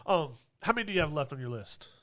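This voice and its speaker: A man's voice: a little high, big pitch swings, quick pace, pushed and bright. A man co-hosting a podcast, talking in an easygoing casual way with many fillers. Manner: easygoing, lots of "like" and "yeah". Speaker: podcast co-host. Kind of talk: casual chat.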